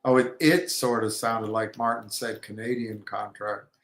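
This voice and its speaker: A man giving rambling commentary on markets and trading, halting, with many restarts and fillers. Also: on the low side, flat delivery. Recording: echoey room.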